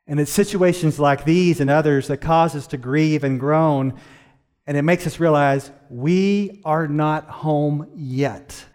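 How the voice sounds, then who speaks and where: A middle-aged man preaching a sermon as pastor, earnest, slowing his pace to stress key lines. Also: on the high side, darkish tone, clear, resonant tone. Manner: earnest, varies pace, slows down for emphasis.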